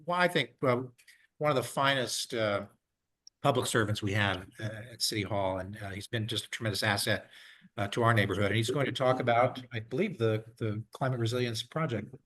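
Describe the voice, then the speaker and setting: A man chairs a community meeting. He speaks in a friendly, halting way with many fillers. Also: mid-range voice, a bit bright.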